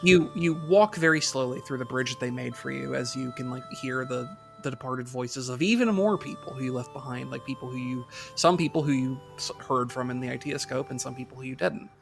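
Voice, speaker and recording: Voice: medium pitch, fairly quick, creaky, hardly any pauses, music in the background. A podcast co-host in casual chat, retelling a game's story with profanity and acting out characters' lines in put-on voices.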